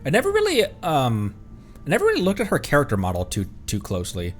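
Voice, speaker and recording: A man's voice: on the high side, huge pitch swings, quick pace, faint music behind. A male streamer giving casual gameplay commentary, joking, laughing often and talking back at the game.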